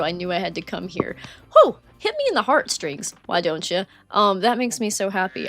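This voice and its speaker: A chatty woman streamer talks to her chat while she plays, her voice lively and rising and falling a lot. She rambles with plenty of ums and gushes warmly over viewers' comments, with faint music behind her. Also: medium pitch. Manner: chatty, rambling, frequent fillers, reads chat aloud; warm and effusive toward viewers. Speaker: gaming streamer. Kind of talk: casual live-stream chat while playing.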